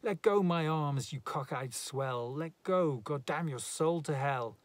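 A furious, frantic woman screams her curses in a raised, high voice. A man reading a poem aloud performs her, pitching well above his own voice. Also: unhurried, dry recording, close to an everyday voice.

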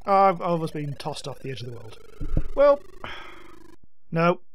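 A man hosting a let's-play, giving excitable gameplay commentary and yelping and swearing at the game. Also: a little high, takes it slowly, faint music behind.

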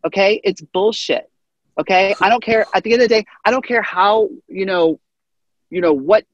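A man's voice: high voice, moderate pace, muffled recording. A man guest arguing emphatically, repeating his points in a heated debate. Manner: emphatic, repetitive. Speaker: podcast guest.

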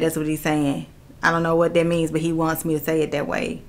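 A woman's voice: sits low, level tone, fairly quick. A woman working as a spiritual medium, earnestly relaying messages in a channeling reading and repeating key phrases.

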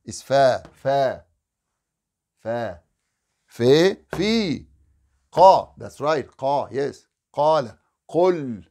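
A man's voice: mid-range voice, animated, takes it slowly, pauses often, warm tone. Man drilling letter sounds. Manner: drills letter sounds in short repeated syllables, corrective; recites Quranic phrases in melodic chant. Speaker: Quran recitation teacher. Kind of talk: live online Qaidah lesson.

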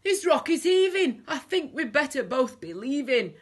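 A woman voicing a bumbling male thief who panics and exclaims loudly in a storybook reading. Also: high-pitched, big pitch swings, slow pace, voice pushed up, full character voice. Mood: alarmed. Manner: exclaiming in a raised, strained voice.

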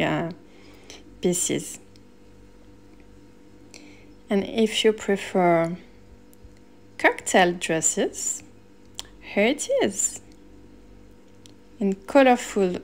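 A woman narrating a shopping vlog as a personal shopper and stylist, chatty and enthusiastic. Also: mid-range voice. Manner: relaxed, chatty, enthusiastic about pieces. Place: Paris shops and rooftop.

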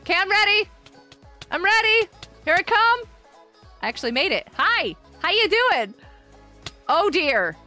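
A woman streaming a game live, giggling often and reacting excitedly while greeting her viewers. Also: very high voice, normal speed, long pauses, soft background music. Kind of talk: live-stream gameplay commentary.

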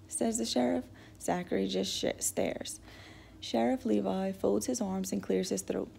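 A woman narrating a novel in the first person with steady, even storytelling. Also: medium pitch, moderate pace, creaky, a little hiss or hum. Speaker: audiobook reader.

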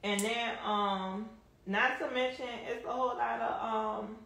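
A woman's voice: on the high side, a little slow, vocal fry. A woman chatting casually with viewers on a live stream, answering comments and laughing often. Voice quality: strong Southern drawl, relaxed slang. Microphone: phone. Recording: echoey room, faint background hum.

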